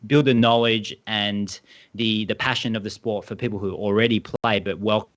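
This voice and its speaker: Australian male co-founder, lowish voice, enthusiastic and wordy on a video call. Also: steady tone, normal speed, fairly bright tone, lo-fi sound. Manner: enthusiastic, rambling explanations. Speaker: badminton brand co-founder. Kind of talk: casual interview talk.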